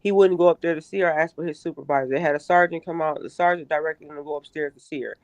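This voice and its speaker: A middle-aged woman giving an emotional first-person account in an interview, halting and repeating herself with emphasis. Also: deep voice, fairly even intonation, dry recording. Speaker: interview guest, mother.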